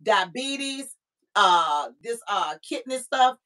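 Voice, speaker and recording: A woman hosts a live online talk show, her fairly high voice warm with emotion. She talks in an animated, affectionate way. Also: takes it slowly, poor audio. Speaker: host.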